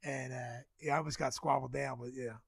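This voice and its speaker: A man's voice: medium pitch, fairly even intonation, brisk, vocal fry, breathy edge, no room sound. A young man from Philadelphia hosting a podcast, chatting casually, profane and boisterous. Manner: profane, boisterous, laughs a lot. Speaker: podcast host. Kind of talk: casual chat.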